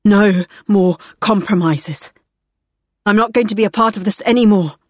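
A woman voicing a desperate, cornered young woman on the run, with a rasping, hissing delivery in a storybook reading. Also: mid-range voice, moderate pace, a little mellow, no echo, close to an everyday voice. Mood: defiant. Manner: tense, defiant.

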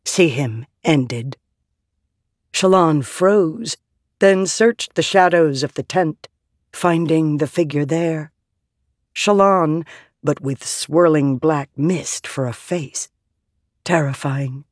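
Audiobook reader, slow and steady, dry close sound. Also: mid-range voice, no echo. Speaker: audiobook narrator. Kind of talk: scripted narration.

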